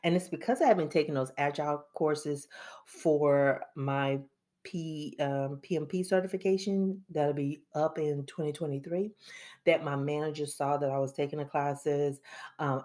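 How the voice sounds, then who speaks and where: Low-pitched woman vlogger, casual and animated, cracks jokes and chats to viewers like friends. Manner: joking, animated, laughs often, addresses viewers as y'all. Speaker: YouTuber sharing monthly goals. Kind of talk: casual chatty vlog.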